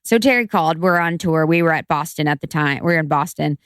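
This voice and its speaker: A woman's voice: low voice, quick pace, clean tone, dry recording, studio quality. Chatty woman co-host telling stories. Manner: chatty storytelling, animated quoting. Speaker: podcast co-host. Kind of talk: casual chat.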